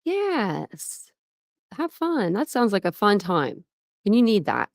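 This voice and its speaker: A woman's voice: medium pitch, very animated, slow pace, creaky, no echo, clean studio sound. Chatty woman hosting a livestream. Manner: chatty, laughs often, greets chat by name. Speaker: livestream host. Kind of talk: casual livestream chat. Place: home.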